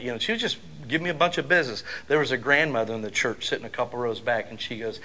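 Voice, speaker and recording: Male pastor, middle-aged, bright tone; casual storyteller who builds into fervent sermon delivery. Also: medium pitch, rapid-fire, few pauses. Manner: conversational storytelling that builds to loud preaching.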